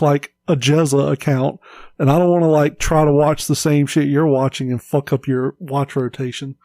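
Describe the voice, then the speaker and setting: A man's voice: fairly high pitch, dark tone, dry recording. A man co-hosting a casual podcast, rambling through a story and swearing freely. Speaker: podcast co-host.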